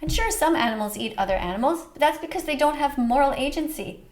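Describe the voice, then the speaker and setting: A woman's voice: sits high, animated, quick pace. A woman hosting a reaction video, speaking earnestly and emotionally, with a preachy tone. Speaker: host reacting to a short film. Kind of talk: reaction commentary.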